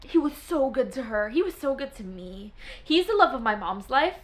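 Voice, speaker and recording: A woman's voice: high voice, sing-song, normal speed. A young woman chatting to camera as a book vlogger, gushing and dramatic as she swoons over favourites. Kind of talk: casual chat to camera.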